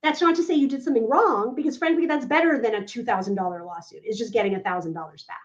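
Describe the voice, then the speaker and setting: Emphatic, fairly high-voiced woman legal analyst for a podcast; dull lo-fi audio. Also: fast talker. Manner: emphatic, keeps checking in with "right?".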